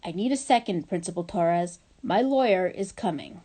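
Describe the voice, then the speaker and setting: A sullen middle-school boy in trouble, as a woman reads him, kept close to the reader's own mellow voice. He answers flatly and quietly, without looking up or raising his voice. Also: lowish voice, moderate pace, slightly rough. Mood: subdued. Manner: flat, mumbled, subdued.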